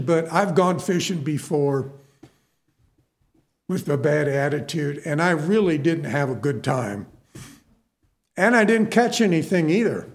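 A man's voice: a little high, creaky. A middle-aged man preaching a sermon in a conversational, self-deprecating way, full of asides to the listeners.

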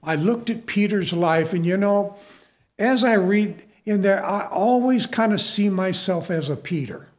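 A man's voice: high voice, expressive, measured pace. A middle-aged man preaching a sermon in a conversational, self-deprecating way, full of asides to the listeners.

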